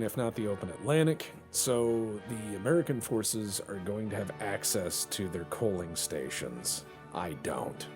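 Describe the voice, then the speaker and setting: A man's voice: fairly low pitch, lively intonation, measured pace, soft background music. A man hosting a let's play, giving casual commentary on a naval strategy game, joking, swearing and thinking aloud as he plays.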